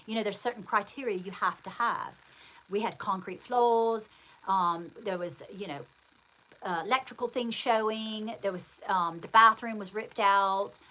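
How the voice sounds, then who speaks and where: A host with a bright, clear, medium-pitched voice tells a personal story slightly slowly on a rough recording. She rambles chattily and circles back, addressing the listener directly with endearments like "darling" in an easy, conversational storytelling style.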